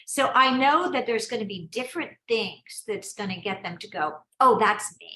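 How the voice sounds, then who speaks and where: Over a video call, an American woman runs a business coaching session, speaking fast and chattily, often cutting herself off and starting again while sounding encouraging. Her somewhat high voice is bright, forceful, and lively in intonation, with echo from her room.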